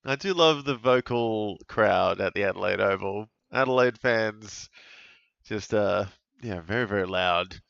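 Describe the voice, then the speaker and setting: A man's voice: fairly low pitch, a little slow, vocal fry, smooth, no echo, lo-fi sound. Laid-back man calling footy. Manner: relaxed, chatty, bursts of excitement at big plays. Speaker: fantasy football streamer calling a live watch-along. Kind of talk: casual live game commentary.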